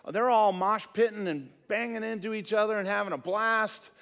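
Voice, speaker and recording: Animated storytelling pastor, a man. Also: sits high, normal speed. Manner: animated storyteller, acts out quotes, drops to a near-murmur for asides. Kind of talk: sermon with storytelling.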